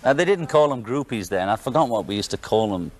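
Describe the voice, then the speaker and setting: A man's voice: mid-range voice, lively intonation, fast. A man from Liverpool with a Liverpool accent, a guest in a television studio chatting casually, wry and joking with frequent laughs. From England, Liverpool. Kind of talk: casual talk-show chat.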